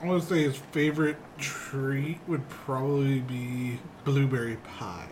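A man's voice: mid-range voice, fairly even intonation, a little slow, noisy background. A man playing in a tabletop game, talking hesitantly with many fillers. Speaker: tabletop player. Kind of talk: casual chat.

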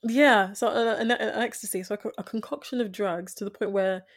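A woman's voice: mid-range voice, a little fast. Chatty woman recapping a show. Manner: animated storyteller, acts out quotes. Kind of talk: casual chat reviewing a TV show.

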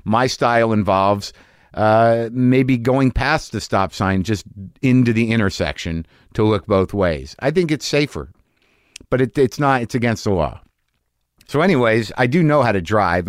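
Dry, low-voiced rambling man in his late forties. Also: normal speed, clean tone, no room sound. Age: late 40s. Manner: rambling, animated storytelling with self-mocking asides. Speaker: podcast host. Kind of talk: comic monologue and interview. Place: home studio.

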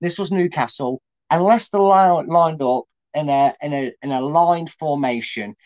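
A man with a slightly high voice, co-hosting a casual football chat. He talks through team tactics in a chatty way, often using fillers and restarting sentences as he explains. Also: moderate pace, a little mellow, muffled recording. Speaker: co-host, tactics analyst.

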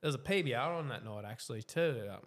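A man's voice: medium pitch, lively intonation, fast talker. A young Australian man telling a story on a casual podcast, laid-back, swearing freely and laughing as he goes. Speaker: podcast co-host.

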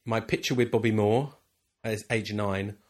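A man co-hosting a podcast in casual chat, rambling and halting, then getting excited. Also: on the low side. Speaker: podcast co-host.

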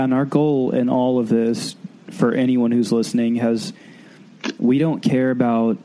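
A man's voice: medium pitch, mellow. A man co-hosting a podcast in casual chat, a bit stuffy from a sinus cold, earnest and easygoing. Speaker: podcast co-host.

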